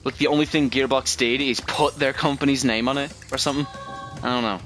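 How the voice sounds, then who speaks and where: A man's voice: medium pitch, fairly even intonation, brisk, fairly bright tone, soft background music. A man streaming a game, rambling through casual commentary with frequent swearing and self-corrections.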